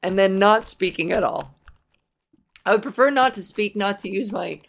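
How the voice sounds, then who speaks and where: A woman's voice: normal speed, gravelly. Scratchy-voiced woman rambling through a podcast. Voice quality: scratchy low voice. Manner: rambling, self-deprecating, swears freely. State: sore voice. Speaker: podcast host. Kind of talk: casual solo monologue.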